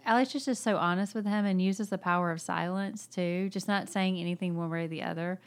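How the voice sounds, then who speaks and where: A woman co-hosting a laid-back book discussion, weighing her points in a measured, thoughtful way. Her voice sits low with a gravelly fry. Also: fairly even intonation. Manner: thoughtful, measured, occasional fillers. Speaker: podcast co-host.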